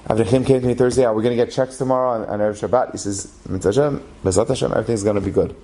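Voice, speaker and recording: A man tells a story as a rabbi. He voices each character animation. His voice is mid-pitched, and faint noise sits under the recording. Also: fairly even intonation, rapid-fire, mellow. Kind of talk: storytelling talk.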